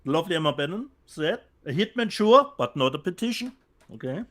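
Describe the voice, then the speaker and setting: A German-accented man co-hosts a relaxed show from home, reading out viewer comments. His voice sits fairly high and swings up and down a lot. He often stalls and repeats words while hunting for the right phrase. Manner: halting, repeats words while searching for them. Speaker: co-host. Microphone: remote call from home.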